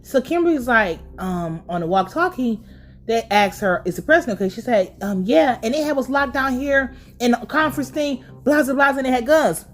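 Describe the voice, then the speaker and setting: A woman's voice: high voice, normal speed. A woman giving a casual, blunt and profane recap of a TV episode. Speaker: TV recap vlogger.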